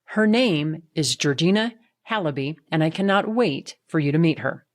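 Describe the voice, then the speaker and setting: Female podcast host, enthusiastic interviewer, lowish voice. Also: animated, moderate pace. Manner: enthusiastic, encouraging. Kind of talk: interview hosting.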